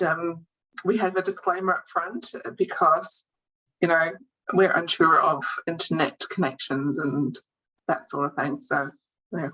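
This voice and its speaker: Rambling, giggly New co-host on a dull-sounding video call, breathy and lowish. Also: female voice, a bit bright. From New Zealand. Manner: giggly, rambling, self-interrupting. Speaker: podcast co-host. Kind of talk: casual chat.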